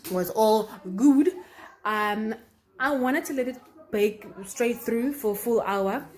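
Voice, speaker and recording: A woman's voice: a little high, slow. A young woman chatting casually through her baking steps in a vlog, explaining as she goes with fillers and small laughs. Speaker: vlogger.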